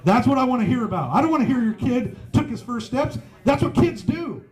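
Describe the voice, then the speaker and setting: A man's voice: extremely high pitch, animated, a little fast, a little mellow. A man doing a stand-up set on a pub stage, swearing freely and chuckling at his own jokes. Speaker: stand-up comedian. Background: faint live audience.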